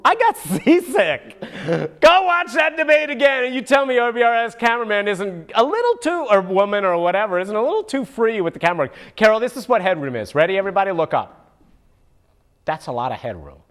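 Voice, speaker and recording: A man voices a wisecracking male monkey puppet for a comic political commentary, his voice high, very animated, fast, and fairly bright. The puppet show host is goofy and mocking, breaking into sudden whoops.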